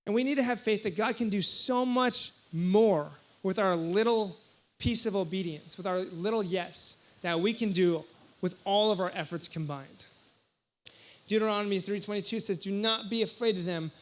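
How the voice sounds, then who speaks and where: A young male pastor with a high, bright-pitched voice delivers a lively sermon to a congregation. He tells playful stories and breaks into sudden loud exclamations. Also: normal speed. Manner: animated, jokey storytelling with sudden loud exclamations. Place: church hall before a congregation.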